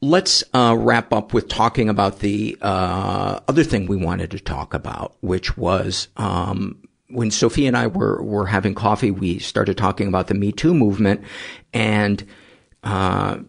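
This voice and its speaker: A man hosting a podcast interview, speaking haltingly with many fillers and cracking dry jokes about himself. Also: fairly low pitch, gravelly. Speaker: podcast host. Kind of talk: interview conversation.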